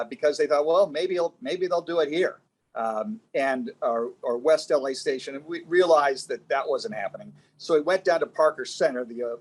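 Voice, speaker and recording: A man who is a former television news reporter, telling a story as a guest in a halting, reflective way. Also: mid-range voice. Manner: halting, recollecting, pausing to find words. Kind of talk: casual anecdotal storytelling.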